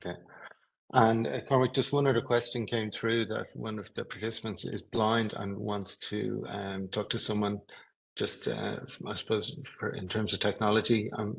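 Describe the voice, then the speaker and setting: A man's voice: on the low side, flat delivery, moderate pace, creaky, poor audio. A man with an Irish accent moderating a webinar on a video call, briefly passing on audience questions.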